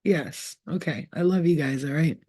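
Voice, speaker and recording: A woman's voice: moderate pace, breathy edge, dry recording, clean studio sound. A woman hosting her own channel as a spiritual healer, giving a casual, blunt pep talk full of swearing, acting out voices as she goes. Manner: blunt and profane, acts out quoted voices; animated, often jumps higher in pitch.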